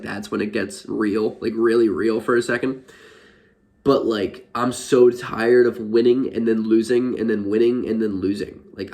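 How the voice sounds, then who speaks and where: A man's voice: medium pitch, a little mellow. Frustrated young man ranting about his team. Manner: frustrated, exasperated, rambling with many fillers. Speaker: sports fan vlogger. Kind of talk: casual ranting commentary.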